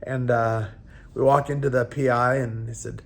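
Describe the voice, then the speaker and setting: Man, 30s, fighter, casual halting storytelling, acts out quoted lines. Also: medium pitch, little pitch movement. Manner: halting retelling, acting out quoted dialogue. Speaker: professional fighter.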